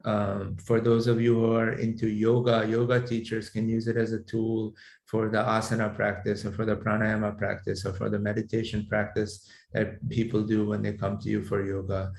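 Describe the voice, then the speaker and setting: A man teaching a class on mantra healing, explaining in a measured way with frequent fillers and restarts. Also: fairly low pitch, flat delivery, creaky, a little mellow. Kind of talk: lecturing to a class. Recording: echoey room sound.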